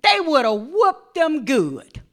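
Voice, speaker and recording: High, bright-voiced woman preacher. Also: sing-song, takes it slowly. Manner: reads scripture, then preaches with rising shouted calls to the congregation. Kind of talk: sermon.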